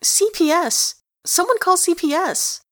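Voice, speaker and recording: A woman voicing a cheeky, loud young boy who squeals and teases, in a dry recording. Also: on the high side, expressive, moderate pace, no echo, pitched above the performer's own voice. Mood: mock alarm.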